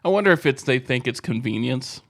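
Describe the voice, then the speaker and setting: A man's voice: mid-range voice, animated, a little fast, a bit bright. A man in his forties co-hosting a casual podcast, easygoing and teasing, laughing often. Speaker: podcast co-host.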